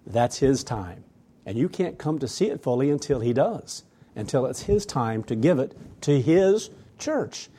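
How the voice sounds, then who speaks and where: A man's voice: medium pitch, sing-song, a little slow, mellow, a little hiss or hum. A man preaching a sermon to his church, earnest and emphatic, often repeating phrases for weight. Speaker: pastor.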